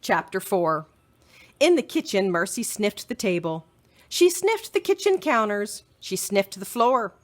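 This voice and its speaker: A woman librarian reading a children's chapter book aloud in an expressive storytelling manner. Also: medium pitch, measured pace.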